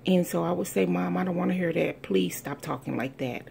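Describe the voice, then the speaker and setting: A middle-aged woman from the United States giving an earnest, heartfelt testimony, telling a family story with slow, deliberate emphasis. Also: lowish voice, vocal fry, a little mellow, slight background noise. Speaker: speaker sharing a personal testimony.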